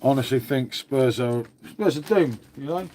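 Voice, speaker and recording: A man's voice: medium pitch, moderate pace, a little mellow, slight background noise. A man, from England, hosting a casual live stream, rambling and swearing, calling everyone "mate". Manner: rambling, swears a lot, says "mate" constantly. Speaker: livestream host.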